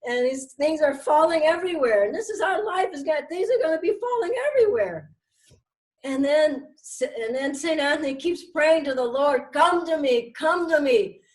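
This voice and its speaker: Older female spiritual teacher, high-pitched, lively storytelling sermon. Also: normal speed. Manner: storytelling, animated, dramatic shifts.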